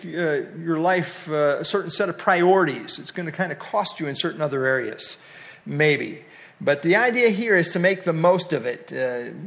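A man's voice: a little high, a bit bright. A man leading a Bible study, teaching in a conversational way with many fillers and questions to the group.

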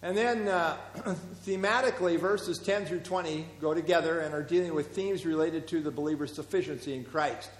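This Bible study teacher, a man with a somewhat high voice, goes through the passage and puts questions to his group, his speech dotted with little fillers. He talks at normal speed with few pauses, in a roomy space where long reverb follows every phrase.

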